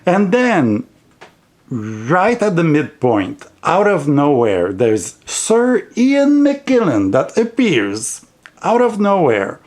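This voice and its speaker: A man's voice: a little high, wildly swooping pitch, takes it slowly, a little mellow. A man with a heavy non-native accent chatting casually on his tarot vlog, rambling and giggling as he goes. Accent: heavy non-native English accent. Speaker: tarot vlogger.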